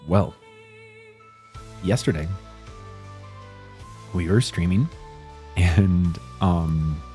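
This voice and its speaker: A man's voice: deep voice, very slow, mellow. A man hosting a live gaming stream from home, chatting casually and greeting viewers by name at a close desk mic. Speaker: gaming livestream host. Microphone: desk mic, moved close. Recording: music playing under the voice.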